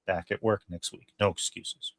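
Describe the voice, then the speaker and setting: A man's voice: sits low, steady tone, normal speed, creaky, a bit bright, no echo. A man hosting a casual podcast, rambling along with plenty of fillers and restarts. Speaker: podcast host.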